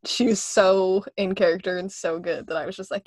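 A woman's voice: medium pitch, fairly even intonation, fairly quick, darkish tone, dry recording. Gushing young woman hosting a film podcast. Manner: gushing, laughs often, many fillers. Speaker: podcast host. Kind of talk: casual film discussion.

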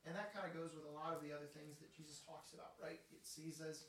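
A man's voice: on the high side, level tone, quick pace, hardly any pauses, noisy background. Man explaining scripture in an echoey room. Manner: explanatory, reads from a study Bible. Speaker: Bible study participant. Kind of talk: casual group Bible discussion. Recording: very echoey room, mic at a distance.

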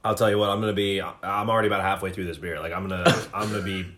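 A man's voice: low-pitched, flat delivery, racing, a bit bright. A young man co-hosting a casual podcast, laid-back and given to repeating words as he talks. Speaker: podcast co-host. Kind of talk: casual chat.

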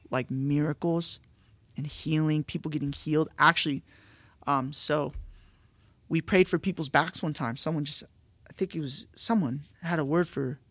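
A male pastor telling stories in a casual, animated podcast chat, restarting often and saying dude and bro. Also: fairly high pitch, dry recording.

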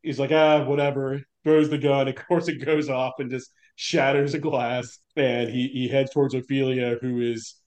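Man, podcast co-host, wry joking tone, mid-pitched. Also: flat delivery, moderate pace, few pauses, a little mellow. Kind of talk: casual chat.

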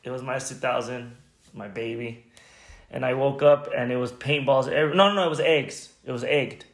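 A man co-hosting a podcast in loose, casual talk at a middle pitch. He teases his co-host and swears without a second thought. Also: a little fast, echoey room. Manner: teasing, swears freely. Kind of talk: casual chat.

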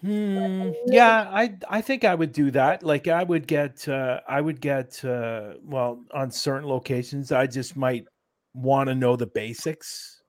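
A Canadian man talks as a guest in a relaxed round-table chat. His voice sits at an average male pitch and sounds dry and close, with no room around it. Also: unhurried, no room sound. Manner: easygoing, agreeable. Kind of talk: casual discussion.

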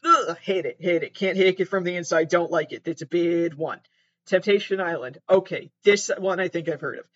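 A man's voice: high-pitched, moderate pace, a bit bright, lo-fi sound. A man sitting on his mattress at home, reading aloud and riffing in a rambling, sarcastic, self-deprecating way, with some swearing. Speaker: host. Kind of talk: casual commentary, reading aloud.

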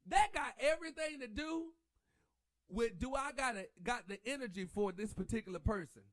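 Male host, high-pitched, lively and preachy, dry recording. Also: normal speed, no room sound. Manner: animated, preachy, sings church lines. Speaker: podcast host. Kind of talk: casual chat.

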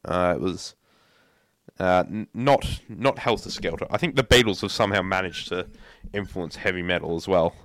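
A man's voice: deep voice, moderate pace, a bit bright. A young man co-hosting a casual podcast, often repeating his words as he starts sentences. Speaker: podcast co-host.

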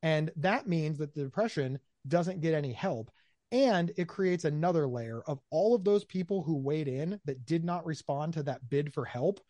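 Guy talking fast and lively in an interview, kinda high voice, mellow tone, dead dry sound. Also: no room sound. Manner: animated, acts out quoted voices, repeats words. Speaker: guest, mental health speaker. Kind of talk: conversational interview answers.

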